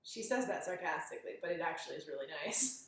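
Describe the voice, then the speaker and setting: A woman tells trail stories with animated energy and frequent laughter, chatting with her co-host. She sits a little back from the mic in a heavily echoing room. Faint background noise hums under her voice. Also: lowish voice, fast talker, distant mic. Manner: animated storyteller, acts out quotes, laughs often. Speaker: hiking vlog co-host. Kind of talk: casual chat recounting a hike.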